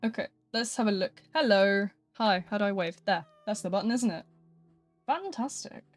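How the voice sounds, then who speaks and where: A woman's voice: medium pitch, brisk, no room sound, faint music behind. A woman streaming live, chatting casually and rambling with frequent laughter.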